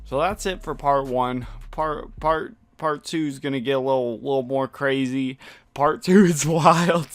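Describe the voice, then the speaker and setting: A man's voice: mid-range voice, a little slow, no room sound, soft background music. A young man telling a story on his vlog in a casual, slangy, profane way, often breaking into laughter. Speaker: vlogger.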